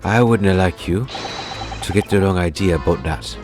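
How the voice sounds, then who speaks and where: A man voicing a gruff older prison governor in an attempted Scottish accent, blustering and hearty, reading game dialogue. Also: sits low, moderate pace, lightly acted. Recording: game music behind voice.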